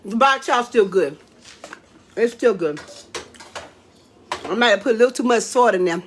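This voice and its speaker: A woman, chatting excitedly to viewers while cooking in her home kitchen. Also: a little high, moderate pace, a little hiss or hum. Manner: excitable, exclaims with food, talks to viewers as y'all and baby. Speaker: home cook hosting a live cooking stream. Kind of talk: casual live cooking chat.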